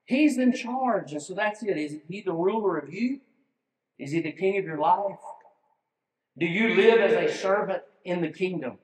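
A man's voice: sits high, normal speed. A male pastor delivering a sermon in an earnest manner, putting direct questions to his listeners. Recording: echoey hall with long reverb.

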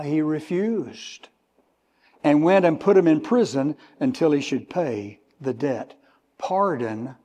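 A fairly high-voiced man preaching at an unhurried, deliberate pace. He leans hard on single words, then sinks to a near whisper. His voice rings out with a long hall reverb. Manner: slow, emphatic, tells listeners to underline words; swings from loud stress to hushed drops. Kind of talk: sermon.

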